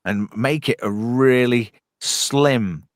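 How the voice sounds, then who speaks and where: A man's voice: medium pitch, slow, no echo, clean studio sound. A man hosting a casual podcast chat, ranting bluntly and swearing a lot. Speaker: host.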